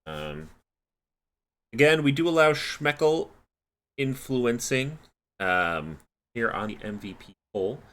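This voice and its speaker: His mid-range voice is sing-song and fairly bright, delivered slowly with long pauses. He's calling a live esports match, then drifts into tired, casual conversation with his co-caster, yawning as he goes.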